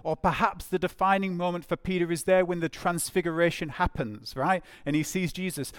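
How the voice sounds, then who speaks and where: Male preacher, slightly high voice, chatty sermon delivery with questions to the room. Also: expressive, a little fast, few pauses, fairly bright tone, smooth, dry recording, clean studio sound. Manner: conversational, asks the listeners questions, voices imagined speakers.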